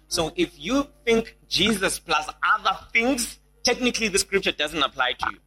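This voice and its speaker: Young man, sermon to a small group, fairly high voice, builds and repeats. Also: brisk, soft background music, low-quality recording. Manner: animated, repeats key lines, rises to shouts. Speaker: preacher.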